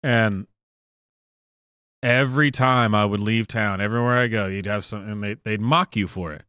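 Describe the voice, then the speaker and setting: A man's voice: on the low side, steady tone, normal speed, sharp tone, clear, resonant tone, no room sound, studio quality. A man from the American South with a Southern accent, hosting a commentary channel and giving a casual, emphatic rant full of restarts and fillers.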